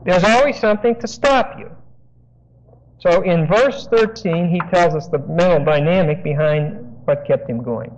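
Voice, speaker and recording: A high-pitched man teaches verse by verse, slowly explaining each word and pausing so listeners can note phrases. The recording is dull and lo-fi, like an old tape of a sermon. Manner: explanatory, dictates phrases for notes. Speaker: preacher. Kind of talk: expository Bible teaching.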